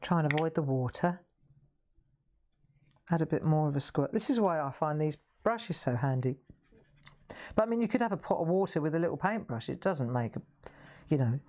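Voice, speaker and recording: A chatty woman hosts a live craft session, talking through her painting in a low voice. She is reassuring and pokes fun at herself. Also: a little mellow. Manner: chatty, self-deprecating, reassuring. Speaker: craft host.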